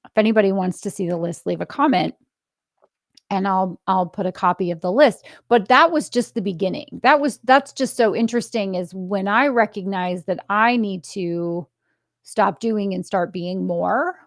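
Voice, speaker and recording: Host, middle-aged woman, mid-pitch, dry close sound, animated chatty storyteller who laughs easily. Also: moderate pace, dry recording. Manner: animated storyteller acting out quoted dialogue. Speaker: podcast host. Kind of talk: casual interview conversation.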